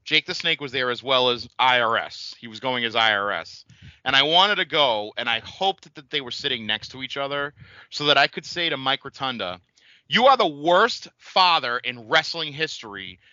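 A man co-hosting a casual podcast chat, animated and joking. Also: mid-range voice, clean tone, no room sound. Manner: animated, joking, quick to laugh. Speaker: podcast co-host. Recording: slightly dull lo-fi recording.

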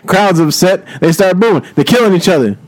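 Young guy making up a dumb story, kinda high voice, rambly and laughing. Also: expressive, normal speed, poor audio. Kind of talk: improvised comedy storytelling.

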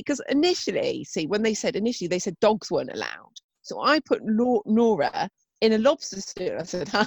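A woman's voice: mid-range voice, no echo. A woman co-hosting a podcast in casual chat, joking, swearing and laughing often. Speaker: podcast co-host.

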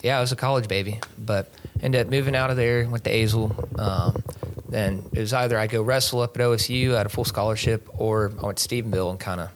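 A man's voice: on the low side, steady tone, quick pace, a little hiss or hum. A man, a podcast guest telling his story in a rambling, easygoing way with lots of filler words. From Texas. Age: 20s. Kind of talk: casual interview storytelling.

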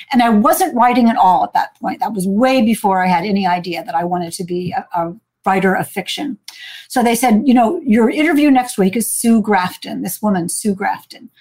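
A woman, a guest author, telling a story in a casual chat with lively delivery that acts out the voices she quotes, recorded over a video call. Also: medium pitch, a little fast.

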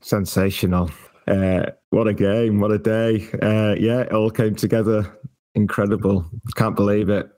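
A slightly hoarse man chatting on a football podcast, full of excited praise with lots of fillers. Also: fairly low pitch, normal speed. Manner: fillers, breathless enthusiasm. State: a bit hoarse. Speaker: podcast co-host. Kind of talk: casual football podcast chat.

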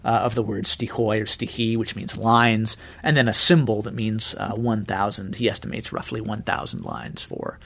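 A man speaking as an expert guest, explaining things in a measured way. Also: fairly low pitch, creaky, a bit bright. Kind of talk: explanatory interview talk.

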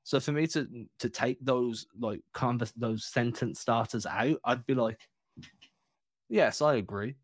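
A man's voice: medium pitch, measured pace, few pauses, dry recording. A man, co-hosting a sports podcast in loose, chatty talk full of fillers. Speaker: podcast co-host. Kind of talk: casual chat.

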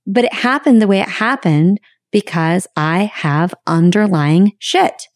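A woman hosting a podcast, talking in a frank, reflective way with sudden high bursts of emphasis and some casual swearing. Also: measured pace, a little mellow, dry recording, clean studio sound. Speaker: podcast host. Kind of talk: candid podcast monologue.

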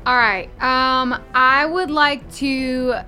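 A woman's voice: high-pitched, slow, soft background music. A woman playing a tabletop game, reading out her spell rules and talking through her moves. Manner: reads rules aloud, gets excited over rolls. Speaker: player.

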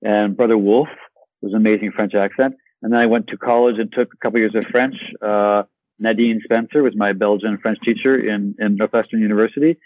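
A man being interviewed as an actor guest on a podcast, talking in an enthusiastic, animated way and often repeating words. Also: on the low side, fairly quick, no echo, rough recording.

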